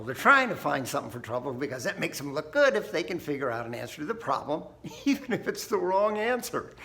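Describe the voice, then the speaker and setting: A man's voice: a little high, creaky, sharp tone. A man hosting a think tank video, talking casually and folksily, often laughing and tagging "right?" onto his points. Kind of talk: casual talk to camera.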